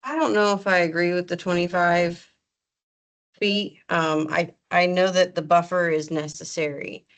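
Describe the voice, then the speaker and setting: A woman with a fairly low voice gives her view as a board member at a public meeting. She thinks aloud and restarts her sentences hesitantly. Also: steady tone, unhurried. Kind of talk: meeting discussion.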